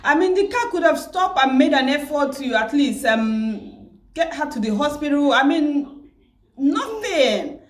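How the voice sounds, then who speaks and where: A tearful, grieving woman who keeps repeating herself and pausing, vlogging about her loss. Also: high-pitched, animated, roomy sound. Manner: grieving, repetitive, pausing often. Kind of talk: emotional personal vlog.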